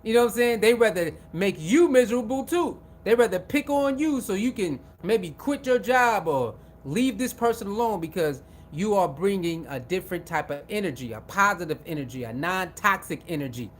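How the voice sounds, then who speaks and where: Male commentator, high voice, loose animated monologue with faint background rumble. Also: normal speed, few pauses. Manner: repetitive, animated, acts out quoted voices. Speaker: sports commentator.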